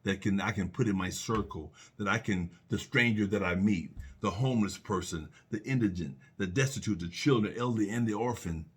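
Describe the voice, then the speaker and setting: A man's voice: fairly low pitch, brisk, hardly any pauses, husky. A middle-aged man sharing personal reflections on faith and love, earnest and repetitive, full of rhetorical questions and restarts.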